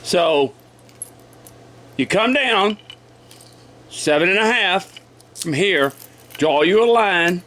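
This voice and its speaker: A man's voice: high voice, animated, slow, long pauses, a bit bright. Man with a cold, folksy carving teacher. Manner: folksy, repeats measurements, frequent throat clearing. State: has a cold. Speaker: woodcarving instructor. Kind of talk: casual step-by-step demonstration.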